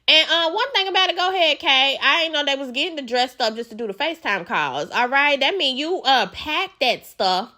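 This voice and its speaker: A woman's voice: a little high, sharp tone. A woman giving sassy, outspoken, profane commentary as she recaps a reality show.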